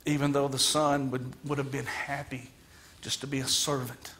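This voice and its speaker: A man's voice: medium pitch, level tone, normal speed, a bit bright. A man delivering a sermon as guest minister in a church, earnest and emphatic, retelling a story dramatically. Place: church sanctuary.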